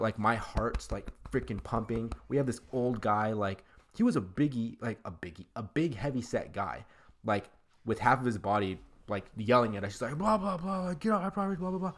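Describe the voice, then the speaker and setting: A man telling a funny personal story in a casual, rambling way, full of fillers, over game footage. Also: medium pitch. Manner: rambling, filler-heavy, animated. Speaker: gaming YouTuber.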